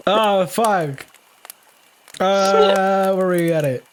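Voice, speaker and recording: A man's voice: high-pitched, very slow, background noise. A man streaming a comedic story reading, giggling and breaking into laughter often.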